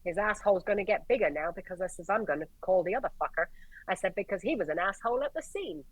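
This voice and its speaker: An Irish woman, a paramedic guest, telling stories in a lively way, swearing and acting out the dialogue. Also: mid-range voice, quick pace, no room sound, rough recording. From Ireland. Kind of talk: animated storytelling in conversation.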